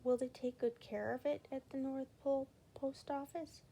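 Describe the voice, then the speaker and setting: A woman's voice: sits high, steady tone, moderate pace, vocal fry, warm tone, breathy edge, pitched above the performer's own voice, heavily acted, poor audio. A woman reading a storybook aloud, voicing a grumpy old man who mutters that he dislikes cats. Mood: exasperated.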